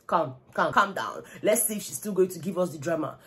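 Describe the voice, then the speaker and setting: A young woman with a Nigerian accent giving gossipy, animated commentary on a reality show, slipping into Pidgin. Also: lowish voice, brisk, background noise. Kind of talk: casual vlog commentary.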